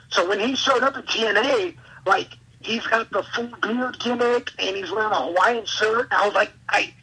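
A man, a wrestler and podcast guest, telling an excitable, rambling story in casual interview chat. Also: sits high, vocal fry, breathy edge, rough recording. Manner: excitable, rambling, quick asides.

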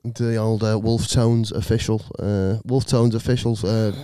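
An Irish man in casual podcast chat, quick to laugh and make jokey asides. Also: lowish voice, flat delivery, warm tone, clean tone, dry recording.

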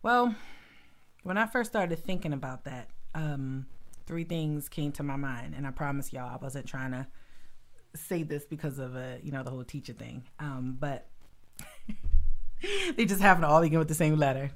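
Woman co-host, lowish voice, excitable preachy energy, casual faith chat. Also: moderate pace. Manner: excitable, preachy bursts with laughter. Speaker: podcast co-host, author and coach.

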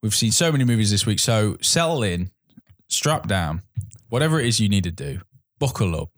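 A man's voice: on the low side, brisk. A man hosting a podcast in casual chat. He steers the talk steadily and lays out the movie plots. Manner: steady, guides the episode, reads out plot. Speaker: podcast host.

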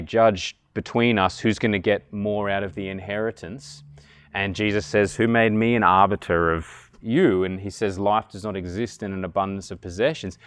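A man's voice: on the low side, no room sound. Earnest male preacher, dry sound. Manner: earnest, rises to loud emphatic peaks. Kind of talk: sermon.

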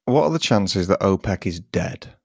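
Lively man telling a funny story. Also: sits low, normal speed, creaky. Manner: animated storyteller, laughs often, acts out quoted voices. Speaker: podcast co-host. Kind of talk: casual chat, storytelling.

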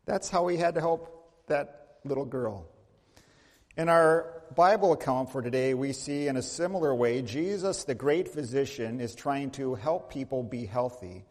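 A male pastor preaching a sermon, telling a story with big swings in pitch and loudness and asking the congregation questions. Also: expressive, normal speed. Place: church sanctuary. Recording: long church reverb.

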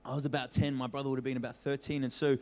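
A young man preaching as a pastor, telling a childhood story with lively acted-out voices and frequent laughter. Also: mid-range voice, racing. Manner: animated storyteller, acts out voices, laughs often. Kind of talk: storytelling sermon. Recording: reverberant hall.

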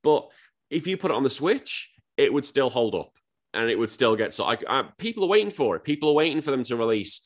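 A man's voice: mid-range voice, sing-song. A man in his thirties, hosting a casual gaming chat, ranting and swearing freely. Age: 30s. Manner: ranting, swearing, quick restarts. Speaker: podcast host.

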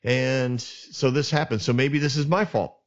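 A man's voice: mid-range voice, unhurried. Lo-fi male podcast storyteller. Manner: animated retelling with acted asides. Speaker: podcast host retelling Bible stories. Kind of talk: casual storytelling. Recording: dull lo-fi sound.

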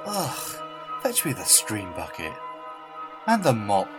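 A man playing a gruff, bossy character who grumbles about a mess in a horror comedy film. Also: fairly low pitch, huge pitch swings, slow pace, full character voice. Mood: annoyed. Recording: film scene with music.

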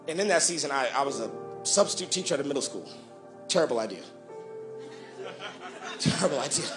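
A young man preaching a sermon, shouting and half-singing at his peaks, then dropping into quick, quiet joking asides. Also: medium pitch, echoey room. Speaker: pastor.

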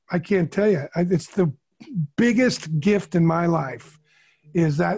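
His voice is high-pitched and slightly mellow as this middle-aged co-host earnestly recounts something personal and heartfelt on a podcast. The storytelling is candid, with frequent repeated words.

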